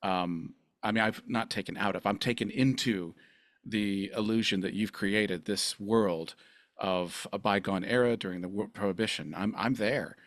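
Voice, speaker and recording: A man's voice: lowish voice, moderate pace, a bit bright, dry recording, studio quality. A man hosting a podcast interview, rambling and effusive in his praise. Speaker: podcast host. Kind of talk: casual interview chat.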